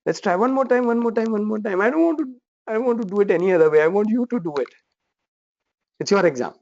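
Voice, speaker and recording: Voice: mid-range voice, animated, fast, darkish tone. A workshop trainer, coaching participants through a parenting role-play in a direct, encouraging way. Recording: dull lo-fi recording.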